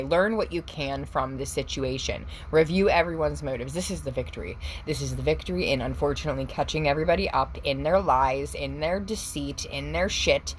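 Excitable woman giving a casual tarot reading. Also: sits low, slight background noise, low-quality recording. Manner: excitable, swears casually, laughs often; speaks directly to viewers with pet names. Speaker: tarot reader.

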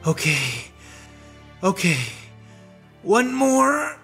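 A man's voice: fairly high pitch, expressive, measured pace, fairly bright tone, faint music behind. A man voicing a determined, wry young alien woman warrior in a fan fiction audiobook, panting and straining under effort.

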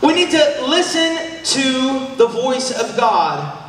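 Male youth preacher, high and forceful, heard from far off in a booming reverberant hall. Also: slow. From Oklahoma, USA. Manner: energetic, shouting, calls for response from the crowd. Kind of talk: sermon. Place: large church hall.

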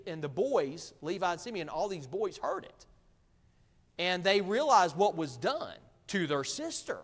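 A man's voice: high voice, long reverb tail. A man preaching a midweek sermon as pastor, reading scripture aloud and driving points home with repetition. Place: church sanctuary.

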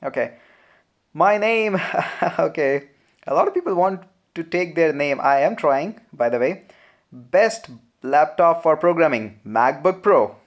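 A young man with an Indian English accent answering viewer questions in a relaxed, chatty live Q&A, full of "uh" fillers. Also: on the high side, unhurried. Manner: relaxed, chatty, frequent "uh" fillers, laughs often. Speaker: programming channel host. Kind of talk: live Q&A, reading viewer comments.

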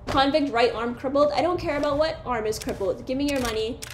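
High-voiced excitable woman gaming. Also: brisk. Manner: excitable, talks to the screen and enemies. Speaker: gaming streamer. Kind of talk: gameplay commentary. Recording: echoey room with faint hiss.

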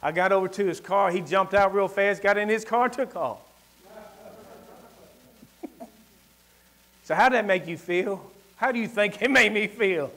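High-voiced Southern preacher, emphatic. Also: male voice, unhurried, long pauses. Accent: rural Southern US. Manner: emphatic, swings from loud declarations to quiet asides, folksy. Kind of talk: sermon with personal storytelling. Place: church service.

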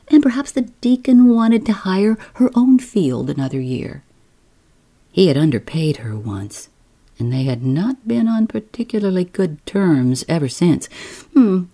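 Slow, soft-spoken woman reading a bedtime story. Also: low-pitched. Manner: soft, unhurried, gentle. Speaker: podcast host and reader.

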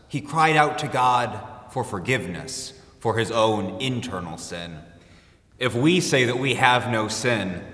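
A man leading a congregation, reading a confession and psalm aloud in a measured, solemn way. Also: mid-range voice, fairly bright tone. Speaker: worship leader. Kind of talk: liturgical reading. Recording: echoey church hall with faint music.

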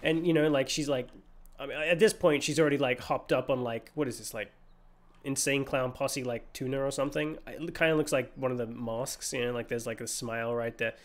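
A man's voice: medium pitch, fairly even intonation, a little fast. A man streaming a game, rambling and joking through casual commentary with many fillers.

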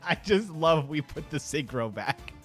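Excitable man commentating card game replays. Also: on the high side, a little slow. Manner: excitable, bursts into laughter. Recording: faint background music.

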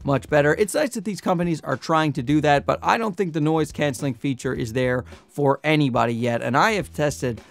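A man with a nasal voice, chatting casually through a product review on a clip-on lapel mic, joking and sometimes getting loud. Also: on the high side, a little fast, vocal fry, few pauses. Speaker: camera gear reviewer.

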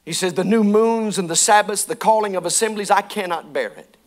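A man preaches to his church congregation in a high voice. He reads scripture aloud and then explains it in folksy terms. At times his delivery climbs into fervent, shouted preaching. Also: fairly quick. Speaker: pastor. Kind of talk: sermon. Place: church sanctuary.

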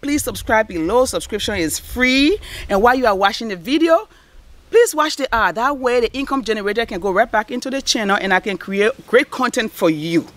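A woman's voice: a little high, expressive, brisk, no echo. A woman giving an upbeat, emphatic channel introduction to camera. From Liberia. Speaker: vlog host.

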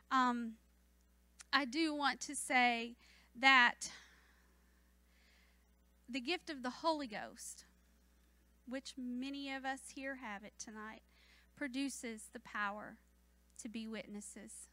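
Female church speaker, bright and forceful tone, fervent sermon delivery. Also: high-pitched, steady tone, slow pace, no room sound. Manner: fervent, rising to emphatic declarations.

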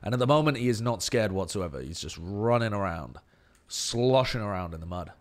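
Esports streamer, male, lowish voice, blunt, swears freely, rants while reading chat. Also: lively intonation, fairly quick. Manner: blunt and profane, ranting; reads and answers viewer chat. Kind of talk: live-stream match analysis.

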